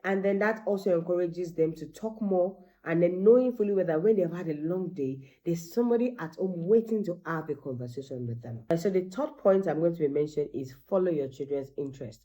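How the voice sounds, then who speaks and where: Teacher mom, mellow warm voice, lively, acts out little quotes. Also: female voice, fairly low pitch, a little fast, hardly any pauses. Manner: animated, acts out quoted dialogue. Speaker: teacher and parent. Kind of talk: parenting advice talk.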